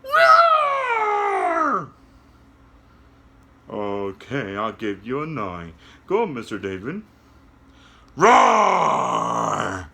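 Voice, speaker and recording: A man reading a children's yoga story and guiding kids through the poses in a gentle, coaxing way, talking straight to the children. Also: on the low side, very animated, a little slow, a little hiss or hum.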